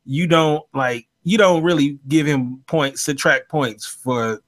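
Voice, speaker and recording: Animated man hosting a panel chat. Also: fairly high pitch, takes it slowly. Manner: animated, laughs often, many fillers. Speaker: podcast host.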